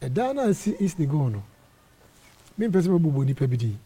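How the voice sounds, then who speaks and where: A middle-aged man from Ghana, an apostle, telling animated stories in an interview and acting out the dialogue. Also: on the high side, moderate pace, breathy edge. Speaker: apostle and church area head. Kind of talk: storytelling interview testimony.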